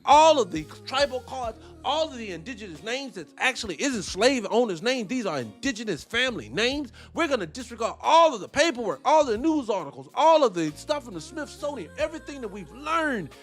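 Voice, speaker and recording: A man's voice: very high voice, sing-song, a little fast, few pauses, faint music behind. A man giving heated, profane reaction commentary, firing off rhetorical questions.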